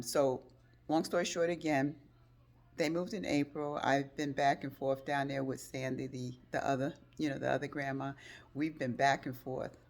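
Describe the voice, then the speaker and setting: An older woman tells a personal story straight to the camera. Her voice sits low in pitch, and she leaps much higher when she re-enacts the phone calls, repeating herself as she speaks. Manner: emotional retelling, acts out phone calls in a high excited voice. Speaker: vlogger.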